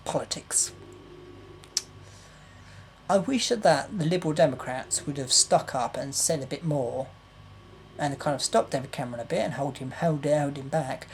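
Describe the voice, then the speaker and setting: A woman's voice: deep voice, moderate pace, a little hiss or hum. Young woman on an exasperated rant. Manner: exasperated, repetitive, swearing. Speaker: vlogger. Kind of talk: political rant to camera.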